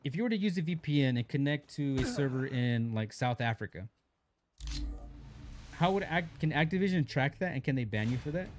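A man's voice: mid-range voice, animated, fairly quick, a little hiss or hum. A young man live-streaming a mobile shooter, chatting casually in slang while greeting viewers and reading chat aloud.

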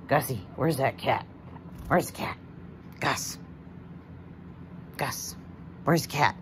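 A woman's voice: rumbling low, animated, slow, long pauses, a little hiss or hum. A woman fussing over her pet guinea pig, cooing and baby-talking to it.

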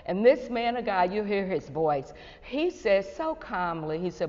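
The host here is an older woman running a faith talk show via video call; her mid-range voice is expressive and a little mellow, with a measured pace. She gushes, repeatedly exclaiming words of praise, and the sound comes through echoey and muffled.

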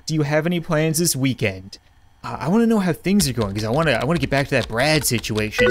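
A man's voice: medium pitch, animated, fast, dry recording. A young man playing a chat game, reading messages aloud in a jokey, mock dramatic way. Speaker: gaming YouTuber.

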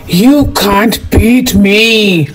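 A man doing a boastful alien villain. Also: sits high. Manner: slow boastful threats.

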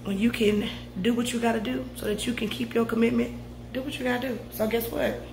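Tired after exercising, a fitness vlogger in her thirties talks fast and straight to her audience, sprinkling in lots of "y'all" and "you guys." Her fairly high voice stays fairly even in intonation, and the recording is reverberant with background noise.

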